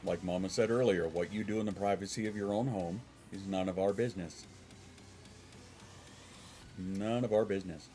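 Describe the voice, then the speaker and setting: A deep-voiced man with a congested, stuffy sound chats casually on his home stream. He rambles, swears offhand and answers his viewers as he goes. Soft music plays faintly in the background. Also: steady tone, moderate pace, pauses often.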